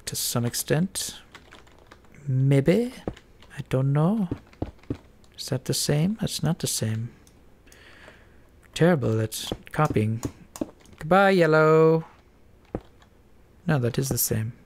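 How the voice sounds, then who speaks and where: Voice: mid-range voice, animated, slow, creaky, pauses often, a little mellow, slight background noise. A stuffed-up player mumbling and thinking aloud while building in a block game. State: stuffed-up nose. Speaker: Minecraft let's-player. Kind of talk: casual building commentary.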